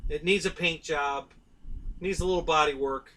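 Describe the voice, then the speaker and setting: A man's voice: on the high side, steady tone, moderate pace, sharp tone, far from the mic, slight background noise, poor audio. A middle-aged man, hosting a casual live stream and rambling to his viewers by name.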